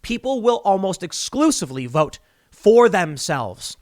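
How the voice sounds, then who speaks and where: A man's voice: high voice, very animated, a little slow, a little mellow, no room sound, clean studio sound. A man hosting solo political commentary, opinionated and rambling, often restarting and going off on asides.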